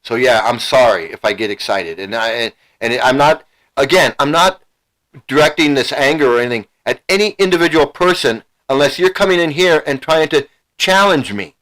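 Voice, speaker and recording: A man's voice: medium pitch, animated, normal speed, a bit bright, low-quality recording. A middle-aged man hosting a livestream, ranting heatedly and emotionally, repeating himself and swearing. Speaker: channel host. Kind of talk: angry livestream rant.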